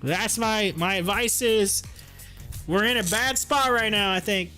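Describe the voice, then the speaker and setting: A man gives casual live-stream commentary on stocks in a high-sitting, sharp voice at a measured pace, with faint music behind him. He jokes and laughs often and slips into mocking voices.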